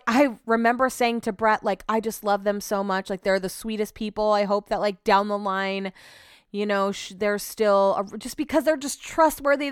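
A young woman hosts her podcast in a loose, rambling chat, full of fillers and asides. Her voice is smooth and clear, and the recording is close and dry with no room sound. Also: mid-range voice, fairly bright tone, no room sound. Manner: chatty, rambling, lots of "like". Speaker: podcast host. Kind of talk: casual solo chat.

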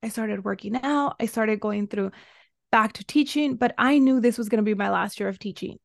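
Gravelly-voiced woman telling her story. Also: medium pitch, normal speed, no echo, clean studio sound. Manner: earnest, emotional, recounting a hard time. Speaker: guest, women's soul embodiment coach. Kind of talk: personal storytelling in a podcast interview.

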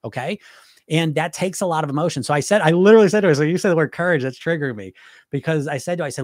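A man's voice: fairly high pitch, racing, a little mellow, no room sound, studio quality. A man coaching about weight loss in a casual, rambling live-stream talk, full of restarts and asides.

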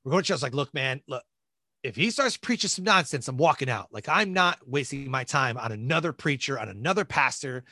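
Middle-aged male guest, animated storyteller, bright voice, dry recording. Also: medium pitch, a little fast, no room sound. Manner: animated, laughs and quotes people in lively voices. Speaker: podcast guest. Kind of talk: storytelling in a casual interview.

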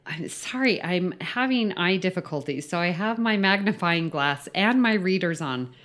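A woman co-hosting a podcast, briskly leading a word game in casual chat. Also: lowish voice, lively intonation, fairly bright tone. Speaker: podcast co-host.

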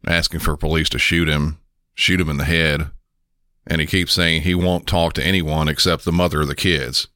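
A man narrating a police call recording in a flat, matter-of-fact way as the podcast host. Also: very deep voice, moderate pace, no echo, clean studio sound. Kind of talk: scripted narration.

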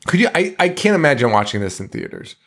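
A man's voice: a little high, big pitch swings, fast, a bit bright. Male podcast co-host, casual and profane, exasperated recap delivery. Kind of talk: casual movie recap chat.

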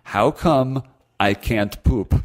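A man's voice: mid-range voice, slow, soft background music. A man co-hosting a comedy podcast, chatting casually and building up bits with mock seriousness. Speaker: podcast co-host.

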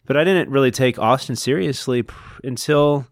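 A man's voice: mid-range voice, moderate pace, no room sound, clean studio sound. A man co-hosting a casual book podcast, rambling and correcting himself as he talks, laughing often. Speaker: podcast co-host.

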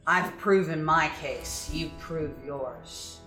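A grim male hunter delivers curt, cold demands, voiced by a woman in a low, unhurried tone. Every line sounds like an order. The room around the voice is echoey. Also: a bit bright, far from the mic, soft background music. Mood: commanding. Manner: cold, commanding.

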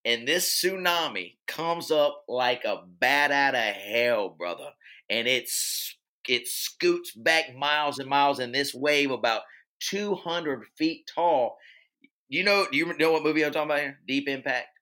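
A man's voice: medium pitch, measured pace, pushed and bright. A man co-hosting a casual movie chat, telling his stories in an enthusiastic, rambling way. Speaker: podcast co-host.

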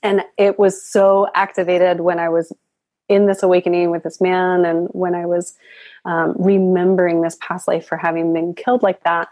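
A woman's voice: fairly low pitch, flat delivery, normal speed, dark tone, dry recording. A woman guest on a spiritual podcast, telling her story in a reflective, earnest way.

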